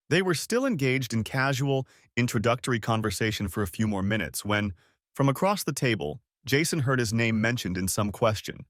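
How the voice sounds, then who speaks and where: A man narrating a scripted audiobook story with expressive storytelling. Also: medium pitch, moderate pace, no echo, studio quality.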